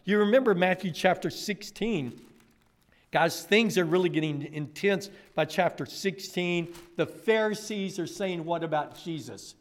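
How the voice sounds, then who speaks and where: A man preaching a sermon, retelling scripture with lively storytelling and speaking directly to children. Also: high voice, measured pace. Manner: animated storytelling, addresses kids directly.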